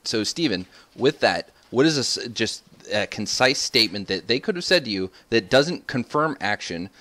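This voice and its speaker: Low-voiced podcast host steering talk. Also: male voice, lively intonation, sharp tone. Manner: steering the discussion, measured questions. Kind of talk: casual podcast hosting.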